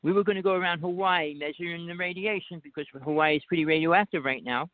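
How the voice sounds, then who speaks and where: A man with a New Jersey accent rambles on as a caller, insistent and hard to stop. His slightly high voice comes through a narrow, tinny phone line with a dry sound and no room echo. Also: fast. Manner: rambling, insistent, talks over others. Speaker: guest caller. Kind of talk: casual talk show chat.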